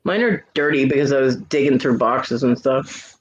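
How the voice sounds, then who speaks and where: A woman's voice: a bass voice, moderate pace, muffled recording, a little hiss or hum. A woman hosting a casual livestream chat, joking and laughing often. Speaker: livestream host.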